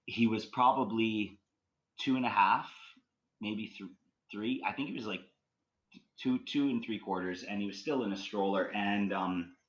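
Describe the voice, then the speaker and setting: A man's voice: lowish voice, a little slow, highs cut off. A man from Canada, a guest on a podcast, telling a story casually and rambling with lots of fillers. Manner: rambling, with many "like" and "you know" fillers.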